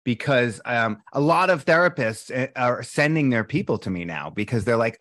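Animated man, dry close sound. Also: medium pitch, moderate pace, hardly any pauses, no room sound. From Boston, USA. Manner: animated storytelling, candid and emotional, acts out quotes. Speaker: breathwork instructor, podcast guest. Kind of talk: casual interview chat.

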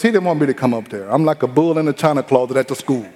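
A man's voice: medium pitch, fast, noisy background. A middle-aged man, preaching a sermon in a folksy, humorous storytelling style, acting out quotes. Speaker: pastor. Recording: long hall reverb.

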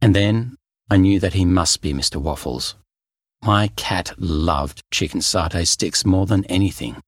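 A man reading a children's story aloud in a lively, expressive way. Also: sits low, unhurried, breathy edge, no room sound, clean studio sound. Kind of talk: scripted children's story narration.

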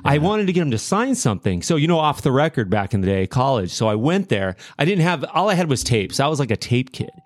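A man telling stories on a podcast in a mid-range voice. He rushes through his anecdotes with plenty of fillers, and the sound is dry and close. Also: mid-range voice, sing-song, no room sound. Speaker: podcast host. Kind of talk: casual chat, storytelling.

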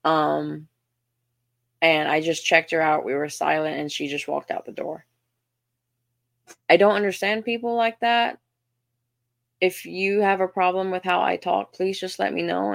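A woman's voice: lowish voice, level tone, normal speed, vocal fry, dry recording. Southern woman, young, podcast host; casual, self-mocking, stumbly delivery, dry close recording. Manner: chatty, self-deprecating, frequent restarts and ums. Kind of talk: casual storytelling monologue.

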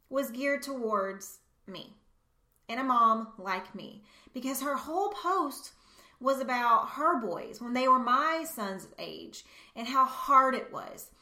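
A woman's voice: on the high side, bright, forceful tone, echoey room. A woman podcast host sharing a personal story in an earnest, emotional way, speaking straight to her listeners.

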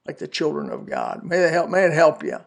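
A man's voice: a little high, wildly swooping pitch, fairly quick, gravelly. A man in his seventies telling a personal testimony on a podcast, earnest and folksy, weaving in scripture quotes. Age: 70s. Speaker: podcast preacher.

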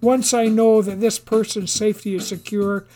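A reader voicing a boastful male senator who speaks in a sonorous Texas twang and pitches his voice higher for speechmaking. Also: fairly even intonation, moderate pace, dark tone, faint music behind, natural voice. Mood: grandstanding. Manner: raised pitch, grandstanding speechmaking. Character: boastful male Texan senator, showy and self-satisfied.

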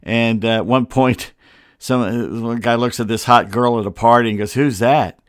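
A man's voice: mid-range voice, steady tone, moderate pace, clean tone, no room sound, clean studio sound. Rambling, wry male podcast host. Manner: rambling, wry, self-deprecating asides. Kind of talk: casual sports podcast monologue.

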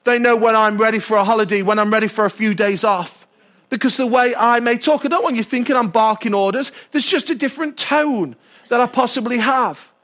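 A male pastor preaching a sermon, animated and often asking the congregation questions. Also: very high-pitched, fairly quick.

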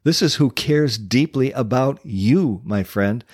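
A man in a Christian coaching ministry preaching a devotional sermon, pressing his listeners with repeated questions and reading Bible verses slower and lower. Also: animated, darkish tone, slightly rough, no room sound, studio quality.

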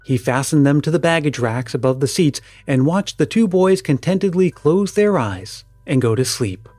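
Male storyteller, measured and calm, dry close recording. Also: a little high, no echo. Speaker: story reader. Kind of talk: storybook narration.

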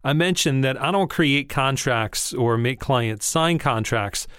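A man's voice: mid-range voice, measured pace, a bit bright, clear, resonant tone, no room sound, clean studio sound. A man hosting a podcast, talking to listeners in an upbeat, direct, casual way. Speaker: podcast host. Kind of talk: podcast monologue.

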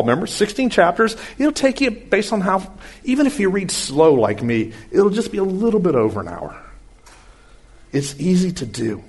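A man with a husky, slightly breathy voice delivers a conversational sermon, teaching scripture in a folksy way with homespun comparisons. He moves from quick, lively asides to slow, hushed emphasis on key points. His pitch sits in a middle range for a man. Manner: swings from brisk asides to slow, quiet emphasis. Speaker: Bible teacher.

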